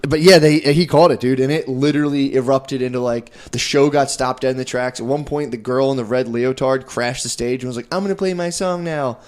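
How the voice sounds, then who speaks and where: A man co-hosting a comedy podcast, rambling through a chaotic anecdote and acting out everyone's lines in a higher voice. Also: little pitch movement. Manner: rambling, fast, acts out quotes with raised pitch, peppered with "dude". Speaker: podcast co-host. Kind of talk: casual comedy podcast storytelling.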